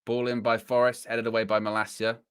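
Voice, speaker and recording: A man's voice: medium pitch, completely flat delivery, a little fast, clean tone, no room sound, studio quality. A man co-hosting a live match watchalong, a chatty storyteller who acts out quotes. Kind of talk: casual live match commentary.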